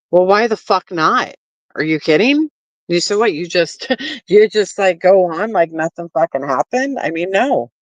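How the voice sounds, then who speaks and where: A woman's voice: lowish voice, no echo. Blunt, swearing woman ranting to viewers. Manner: blunt, heavy swearing, many fillers; addresses viewers directly. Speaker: commentary streamer. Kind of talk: casual opinion rant. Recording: dull lo-fi stream audio.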